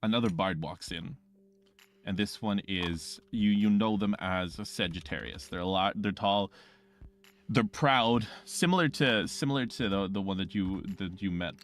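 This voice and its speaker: A man with a low voice runs a tabletop game, narrating casually with plenty of pauses and restarts. He sounds relaxed and conversational. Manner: casual, hesitant, chatty. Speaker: game master.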